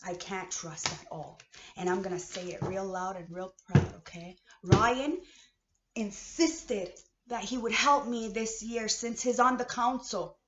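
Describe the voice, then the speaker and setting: A woman from Canada in a heated, profane personal rant, swinging between low muttering and shouting. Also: a little slow, a little hiss or hum. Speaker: vlogger. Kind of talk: emotional personal rant to camera. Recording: echoey room, dull lo-fi sound.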